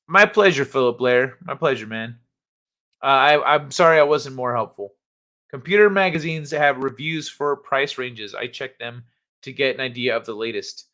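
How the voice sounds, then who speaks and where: A man's voice: medium pitch, moderate pace, pushed and bright. Laid-back male livestream host. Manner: laid-back, hesitant, full of fillers. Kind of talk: casual chat with viewers.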